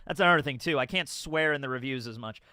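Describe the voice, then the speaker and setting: Excitable man reviewing a manga chapter. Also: quick pace, clear, resonant tone, no room sound, clean studio sound. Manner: rambling, excitable, laughs and swears, bursts into loud high outbursts. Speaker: anime and manga reaction host.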